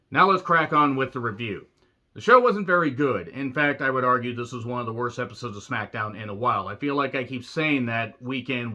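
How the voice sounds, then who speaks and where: A man in a casual video review of a wrestling show, his voice bright and forceful. He rambles, jokes and curses freely, often drifting into asides before pulling himself back. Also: mid-range voice, lo-fi sound. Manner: rambling, jokey, swears freely, goes off on tangents.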